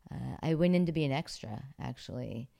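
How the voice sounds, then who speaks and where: Very low-voiced woman telling stories. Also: animated, a little fast, gravelly, mellow. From Pittsburgh, USA. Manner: chatty, many fillers, laughs often. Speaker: actress, interview guest. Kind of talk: relaxed interview storytelling.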